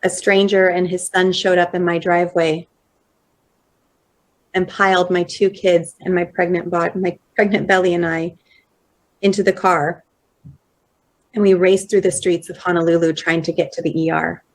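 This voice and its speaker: A woman in her thirties giving a personal storytelling talk at a conference, slow and measured, acting out quoted dialogue. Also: lowish voice, flat delivery. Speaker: conference speaker. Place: conference hall.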